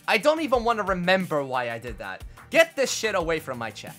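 A man's voice: sits high, huge pitch swings, a little fast, hardly any pauses, a bit bright, faint music behind. A young Australian man streaming, reacting to fan memes in casual chat, laughing often and swearing freely.

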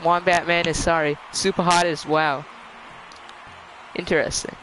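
A man's voice: on the high side, little pitch movement, a little slow, bright, forceful tone, soft background music, low-quality recording. Teasing guy calling plays mid-game. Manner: joking, teasing callouts to teammates. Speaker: channel host and gamer. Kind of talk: casual gaming chat.

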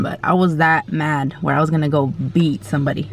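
A woman's voice: low-pitched, steady tone, fairly quick, hardly any pauses, slight background noise. A woman vlogger telling a story in a casual, blunt way, with slang and mild swearing, while she eats. She acts out quoted lines in a raised, exclaiming voice.

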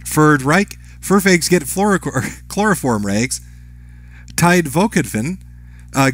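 A fairly high-pitched, slightly bright male voice, free of echo, works through viewer messages on a live stream. Each chat name and message gets read out, followed by a quick throwaway reply.

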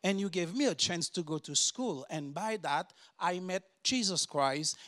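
A man with a Haitian accent, a native French speaker, preaching an earnest sermon that builds to loud, emphatic declarations. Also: high-pitched, expressive, unhurried, few pauses. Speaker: guest preacher and doctor.

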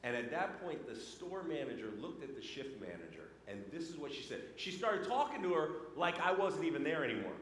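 A man preaching a sermon, telling a personal story with lively swings between loud and hushed delivery. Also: fairly high pitch, fairly quick, hardly any pauses, a little hiss or hum. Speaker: pastor. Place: church sanctuary. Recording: echoey church hall with long reverb.

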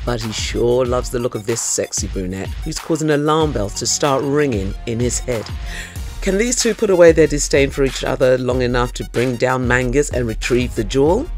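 A man hosting an audiobook review show, delivering a scripted monologue at a middle pitch. He is playful and cheeky and gets loud and emphatic when he rants. Faint music plays under his voice.

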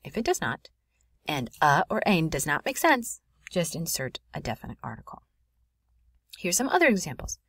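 A woman teaching a French grammar lesson in a clear, explanatory voice. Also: low voice, huge pitch swings, normal speed, fairly bright tone, no room sound, studio quality. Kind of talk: recorded classroom lesson.

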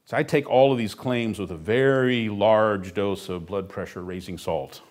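Middle-aged pastor guy preaching, stresses words hard, slips in dry jokes, kinda low voice. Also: normal speed. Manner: emphatic, with dry asides. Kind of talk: sermon.

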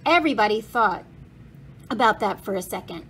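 A woman, a school principal, reading a children's novel aloud with steady, clear storytelling and the odd slip and restart. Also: medium pitch, normal speed, a little hiss or hum.

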